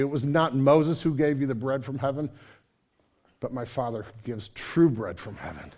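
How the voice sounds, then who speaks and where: Male pastor, sermon delivery, builds loud then drops quiet. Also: mid-range voice, normal speed. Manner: dynamic preaching, swings from loud to soft.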